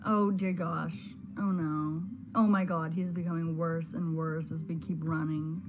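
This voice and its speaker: A woman's voice: low-pitched, level tone, unhurried, over music. A woman hosting a gaming video, giving flustered, exclaiming let's-play commentary with frequent stammers.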